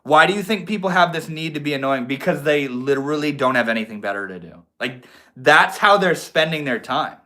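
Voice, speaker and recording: A man's voice: a little high, expressive, a little fast, sharp tone. A young man from Maine hosting a casual livestream, chatting in a slangy, laid-back way and answering viewers. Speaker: livestream host.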